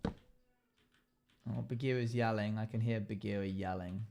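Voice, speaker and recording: A man's voice: fairly low pitch, fairly even intonation, unhurried, long pauses, background noise. Rambling young man streaming a build. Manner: chatty, rambling, thinks aloud and answers chat. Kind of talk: casual live-stream chat while building.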